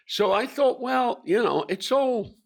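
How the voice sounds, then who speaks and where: An older Scottish actor, interviewed as a guest, tells animated anecdotes, swearing freely and acting out the voices of people he quotes. His voice is extremely high-pitched with lively intonation and some vocal fry, and he speaks a little slowly.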